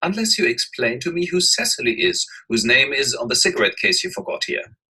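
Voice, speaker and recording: A man voicing a witty, idle young gentleman who teases his friend. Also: mid-range voice, wildly swooping pitch, husky, pitched above the performer's own voice, heavily acted, rough recording. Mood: teasing. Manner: teasing and quick.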